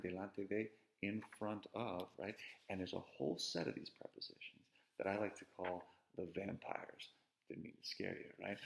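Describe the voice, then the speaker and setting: A man's voice: on the low side, creaky, slight background noise, poor audio. A man teaching an introductory Spanish lesson in a playful, chatty way, often checking in with "right?". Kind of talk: casual classroom lecture.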